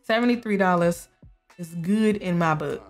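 Faint music plays behind a young gameplay streamer as she gives casual commentary on a life sim game. She talks to her characters and laughs often, speaking at a moderate pace in a lowish voice.

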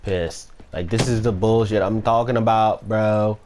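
A man's voice: on the low side, steady tone, unhurried, darkish tone, a little hiss or hum. A man commentating his own gameplay, swearing and ranting at teammates and opponents. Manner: profane trash-talking, ranting at teammates. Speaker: gamer.

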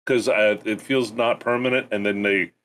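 A man's voice: on the low side, steady tone, moderate pace, fairly bright tone. A man playing a tabletop game in character with a wry, joking delivery. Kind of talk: in-character tabletop role-play.

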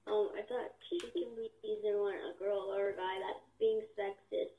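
A woman talking in online game chat, hesitant and deadpan, with frequent ums. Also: medium pitch, normal speed, reverberant, narrow, tinny audio.

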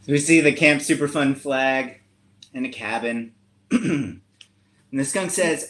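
A man's voice: mid-range voice, moderate pace, fairly bright tone, echoey room. A man reading his picture book aloud and chatting playfully, often laughing and joking.

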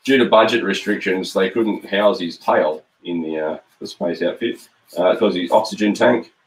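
A middle-aged Australian man with a fairly low voice draws cartoons live on a stream, keeping up a playful, jokey running commentary at normal speed. Relaxed and full of ums, he talks to his viewers like a friendly teacher.

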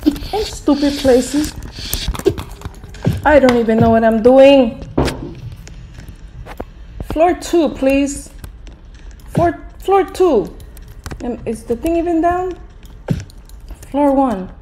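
A woman's voice: sits high, takes it slowly, pauses often, warm tone, a little hiss or hum. An older woman hosting a gaming channel, grumbling through a game with grumpy, sarcastic commentary.

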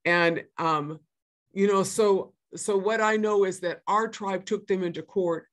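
A woman's voice: medium pitch, unhurried. Emphatic woman, sixties, speaking at a public session; earnest, restates her main points, many fillers. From northern Minnesota. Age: 60s. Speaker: guest speaker.

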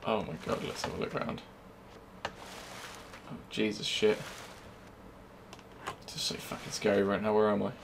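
A young man giving live gameplay commentary, swearing constantly and swinging from low muttering to loud yelling. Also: completely flat delivery, unhurried, vocal fry, long pauses, background noise. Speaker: gamer. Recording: game music playing under the voice.

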